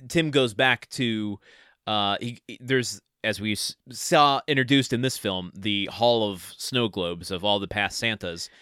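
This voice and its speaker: Male co-host, dry wit, crisp bright tone, no room sound. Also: on the low side, measured pace, no room sound. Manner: hesitant, dry jokes, frequent laughs. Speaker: podcast co-host. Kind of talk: casual movie-review chat.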